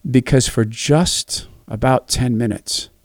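A middle-aged man preaching a devotional talk, telling lively family anecdotes and acting out the voices. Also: medium pitch, takes it slowly, no room sound, clean studio sound. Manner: animated, acts out voices in anecdotes.

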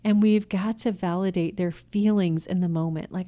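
A woman's voice: fairly low pitch, fairly even intonation, moderate pace, few pauses, dark tone. A woman giving a faith-based teaching talk on family communication, earnest and coaching, acting out example phrases. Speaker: Christian family communication speaker.

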